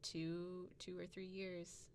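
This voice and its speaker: A woman's voice: lowish voice, little pitch movement, slow pace, clean tone. Giggly woman co-host telling a story. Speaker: podcast co-host. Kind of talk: casual chat.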